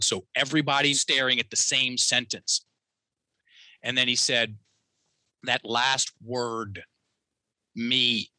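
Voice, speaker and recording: Bright, animated man telling a story. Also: medium pitch, no echo. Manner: animated storyteller, acts out quotes. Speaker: podcast guest. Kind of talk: storytelling in a conversational interview.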